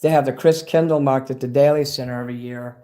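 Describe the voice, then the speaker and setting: A man hosts a casual livestream, talking at an ordinary middle pitch. He rambles from one thing to the next and swears freely. He gets excitable as he goes. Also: quick pace. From Chicago. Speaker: livestream host.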